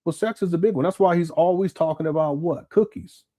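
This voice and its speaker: A man's voice: a little high, fairly quick, mellow. A man from Southern California talking casually as a live-stream commentary host, often repeating words and answering chat comments.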